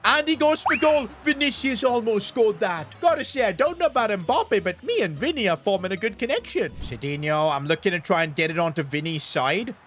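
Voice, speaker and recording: A young man giving excited gameplay commentary, talking to his viewers as boys and shouting at big chances. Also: high voice, brisk, hardly any pauses, soft background music. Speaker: gaming YouTuber.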